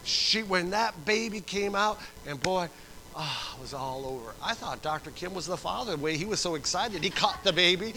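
A middle-aged man preaching a sermon, telling stories with acted-out voices and swinging from soft to loud. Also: high voice, a little fast, low-quality recording. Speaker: pastor.

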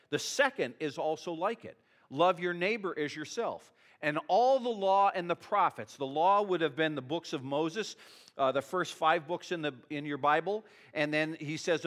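A middle-aged male pastor delivers a sermon in an emotional, conversational style, often tossing in "you know" and "okay." His voice is fairly high-pitched with a fairly bright tone.

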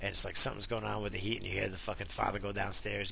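A man's voice: lowish voice, steady tone, fast talker, creaky, pushed and bright. A man ranting casually to his viewers, swearing constantly and rambling in exasperation. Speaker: vlogger with a wife and kids. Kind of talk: casual rant to camera.

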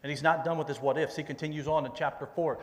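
A man's voice: a little high, steady tone, fast. Middle-aged pastor guy, chatty sermon, kinda folksy, long echo off the church walls. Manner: conversational, repeats himself, folksy asides. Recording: long reverb in a large hall.

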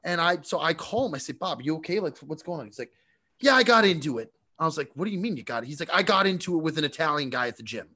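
A man co-hosting a casual podcast, telling an animated story and often laughing. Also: on the high side, quick pace, slightly rough. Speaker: podcast co-host.

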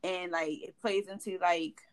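A woman cohosting a podcast in casual chat, candid and expressive, acting out quotes as she tells stories. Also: on the low side, unhurried.

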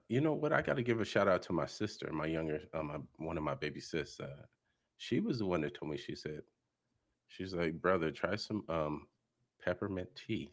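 A man co-hosting a podcast in easygoing casual chat, often pausing with fillers as he searches for words. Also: low-pitched.

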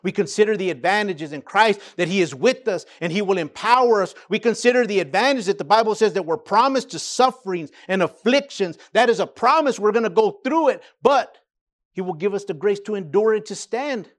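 A man preaching a sermon as pastor, building emphasis and dropping low for quiet asides. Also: lively intonation, brisk.

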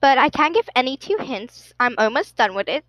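A woman's voice: high-pitched, big pitch swings, normal speed, a bit bright, slight background noise, poor audio. A young woman hosting a casual solo podcast, rambling with lots of fillers and giggles. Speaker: podcast host.

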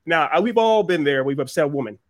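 A man's voice: on the high side, expressive, quick pace, no echo, studio quality. A man arguing his side in a heated casual debate, incredulous and repeating himself when fired up.

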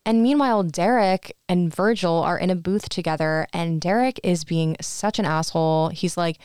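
Young woman on a podcast, low smooth voice, chatty movie recap, dry close mic. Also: moderate pace, a little mellow, dry recording. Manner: chatty, acts out characters' lines, lots of "like". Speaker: podcast co-host. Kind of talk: casual movie recap chat.

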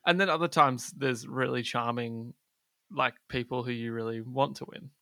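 A man's voice: medium pitch, steady tone, moderate pace, sharp tone, dry recording, studio quality. A man co-hosting a podcast in casual chat, teasing his partner and thinking aloud as he talks. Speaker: podcast co-host.

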